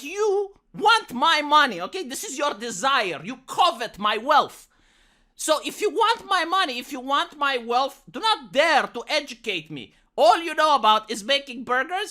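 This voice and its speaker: A man delivers a casual vlog rant. He is sarcastic and worked up, and his voice carries a bright, forceful edge. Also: very high voice. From Romania. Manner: sarcastic, ranting. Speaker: vlogger.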